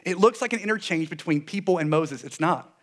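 A man preaching a sermon in an animated way, with sarcastic asides, dropping his voice low for solemn points. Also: a little fast. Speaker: pastor.

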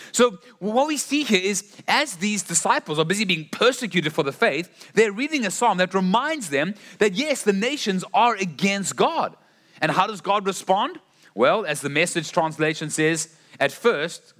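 A man's voice: sits high, big pitch swings, measured pace, a bit bright. A man preaching a sermon in an earnest storytelling way, often restarting his phrases.

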